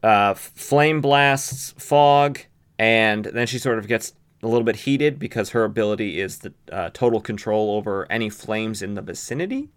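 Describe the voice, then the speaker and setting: Low, smooth-voiced male podcast host. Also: moderate pace. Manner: relaxed, with frequent fillers and asides. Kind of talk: casual comic book recap.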